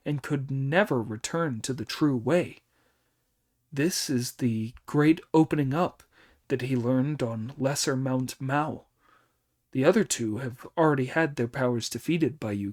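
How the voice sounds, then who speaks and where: A man's voice: medium pitch, close to an everyday voice. A man doing a meek, deferential dragon king. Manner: subdued, deferential, quiet. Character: timid old male dragon king, respectful.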